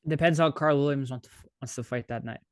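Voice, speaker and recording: A man's voice: mid-range voice, fast talker, clear, resonant tone, dry recording. A man co-hosting a podcast in casual chat, joking and laughing as he talks. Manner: joking, laughs while talking. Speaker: podcast co-host.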